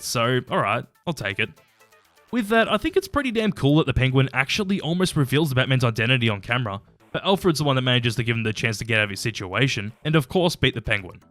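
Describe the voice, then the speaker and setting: A man's voice: medium pitch, fairly bright tone. A man giving a casual, opinionated episode-by-episode review, chatty and sometimes swearing. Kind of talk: casual commentary ranking episodes.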